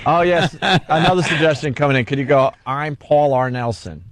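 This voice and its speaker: A man's voice: a little high, moderate pace. A man hosting a comedy talk radio show from a studio, teasing and goading his co-hosts. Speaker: radio host.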